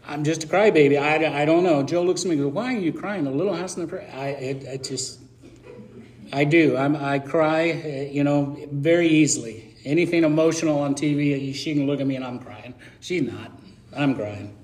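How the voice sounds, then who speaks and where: A middle-aged man preaching a sermon with a slightly higher voice than most men. He talks in a chatty, emotional way and drops self-deprecating asides between his points. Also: steady tone, normal speed, a little mellow.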